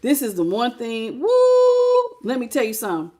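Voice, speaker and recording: A woman's voice: on the high side, animated, quick pace, darkish tone. A woman tarot reader giving a preachy, emphatic spiritual pep talk in casual, repetitive speech.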